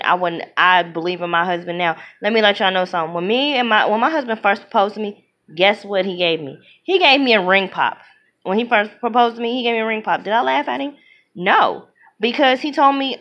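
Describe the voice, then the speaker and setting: A woman giving an opinionated movie review in casual talk, emphatic and animated, often acting out what other people say. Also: on the high side, moderate pace. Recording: dull lo-fi sound.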